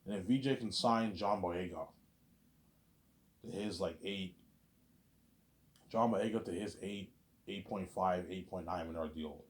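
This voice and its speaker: A man with a low voice rambles through a casual vlog monologue, circling back on his points and leaning on the same stock phrases. His voice rings off the walls of an echoey room. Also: measured pace, long pauses. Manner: rambling and repetitive, lots of "obviously" and "you know what I'm saying". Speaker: vlogger. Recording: roomy echo.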